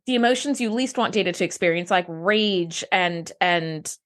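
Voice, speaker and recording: A woman co-hosting a podcast in casual chat, wry and quick to agree. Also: fairly low pitch. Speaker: podcast co-host.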